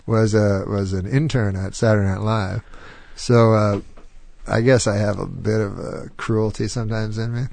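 A man's voice: lowish voice, steady tone, normal speed, gravelly, darkish tone. A man and comedian guest telling rambling anecdotes in casual chat, chuckling and slipping into voices. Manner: rambling anecdotes full of impressions and laughter. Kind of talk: casual storytelling.

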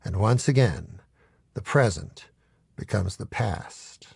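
A man narrating a comic tale in a dry, deadpan storytelling manner. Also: on the low side, slow, creaky, husky, no room sound. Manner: dry, deadpan delivery with lively swings. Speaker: audiobook narrator.

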